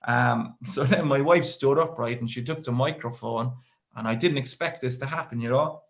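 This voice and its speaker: An Irish comedian in his thirties spins a stand-up story in a loose, rambling way. His voice sits at an ordinary middle pitch, and he drops in dry, offhand asides as he goes. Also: normal speed.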